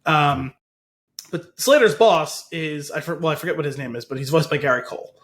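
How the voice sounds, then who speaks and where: A man's voice: on the high side, fairly quick, a bit bright. A man co-hosting a podcast in casual chat, rambling through a retelling and often laughing. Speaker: podcast co-host.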